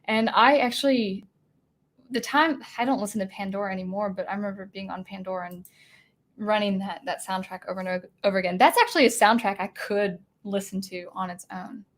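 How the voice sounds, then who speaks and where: A woman's voice: mid-range voice, a little fast, a bit bright. Young woman from washington rambling on a livestream, lots of ums and restarts, casual chatty host. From Washington state.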